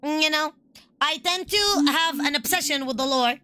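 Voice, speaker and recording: Excitable high-voiced woman streamer. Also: normal speed. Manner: excitable, profane, laughs often. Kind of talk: casual gaming stream chat.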